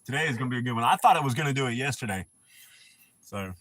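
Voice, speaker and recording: A middle-aged man chatting casually on a live stream. His voice is bright and forward, his talk loose and full of swearing. He laughs easily between remarks. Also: mid-range voice, expressive, rapid-fire. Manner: laid-back, swears freely, laughs often. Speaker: livestream host.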